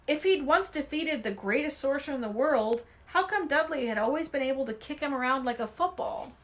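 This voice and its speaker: A woman reading a novel aloud with expressive, animated storytelling. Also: sits high, fairly quick. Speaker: reader.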